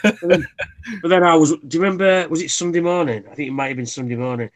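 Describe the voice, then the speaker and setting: A man's voice: fairly high pitch, fast. A man in his thirties, hosting a live stream in casual chat, rambling through anecdotes and swearing freely. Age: 30s.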